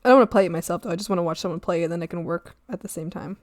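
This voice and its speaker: A young woman streaming her art, chatting playfully with viewers, silly and quick to squeal and laugh. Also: lowish voice, darkish tone, dry recording, clean studio sound. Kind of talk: casual chat with live viewers.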